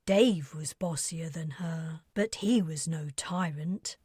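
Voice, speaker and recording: A woman who is the author, reading her own audiobook in a soft, breathy manner. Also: deep voice, takes it slowly, no echo, clean studio sound. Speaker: author and narrator. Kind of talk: scripted audiobook narration.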